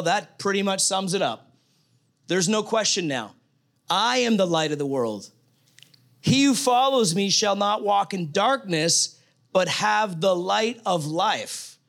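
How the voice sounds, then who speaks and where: A man's voice: high-pitched, a bit bright. A man preaching a sermon, reading scripture aloud in a conversational, emphatic way.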